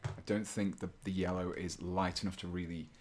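A man's voice: deep voice, flat delivery, brisk, slight background noise. A man hosting a live stream, chatting casually and playfully while he paints, rambling and poking fun at himself. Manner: rambling, playful, self-mocking, thinks aloud.

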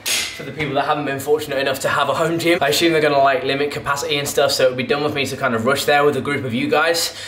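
A man's voice: medium pitch, fairly even intonation, very fast. Man rambling in echoey garage. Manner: chatty, rambling, self-correcting. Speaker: fitness vlogger. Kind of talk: casual chat between gym sets. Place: home garage gym. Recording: echoey garage with loud background noise.

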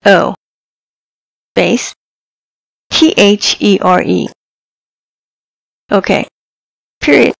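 Slow, gravelly woman dictating commands. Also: mid-range voice, lively intonation, no echo, low-quality recording. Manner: clipped, deliberate command dictation. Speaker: tutorial presenter. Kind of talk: dictating voice commands in a software tutorial. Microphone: headset microphone.

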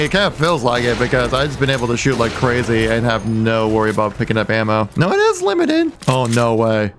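Excitable young man playing a shooter. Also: background noise. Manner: excitable, yelps and laughs high, loud bursts of glee. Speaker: gaming YouTuber. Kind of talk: excited gameplay commentary. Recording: faint gunfire from the game behind.

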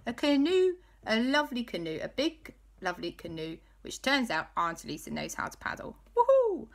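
A woman telling an improvised children's story in a playful way, dropping to hushed tones for spooky parts. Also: mid-range voice, sing-song, a little fast, gravelly. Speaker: storyteller host.

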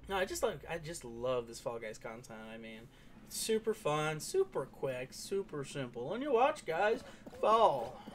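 A man's voice: a little high, big pitch swings, measured pace, slight background noise. A young man giving playful, casual commentary over a game he is playing, singing along and slipping into goofy voices. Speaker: gaming streamer.

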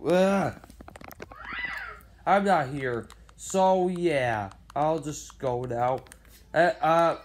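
Comic voice-over, rambling, silly, bouncy pitch, swings between rushed and drawn-out lines. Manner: rambling, silly, arguing with itself. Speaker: parody video maker.

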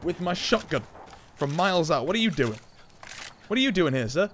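A young man chatting excitedly through gameplay, joking and laughing at his own lines. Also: fairly high pitch, normal speed. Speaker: gaming YouTuber. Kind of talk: casual gameplay commentary.

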